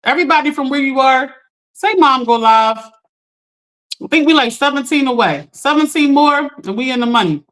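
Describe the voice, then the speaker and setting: A woman with a somewhat high voice hosts a casual coaching livestream from her phone. She talks straight to her viewers in a chatty, direct way and keeps checking in with them. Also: a little fast. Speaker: life coach hosting a livestream.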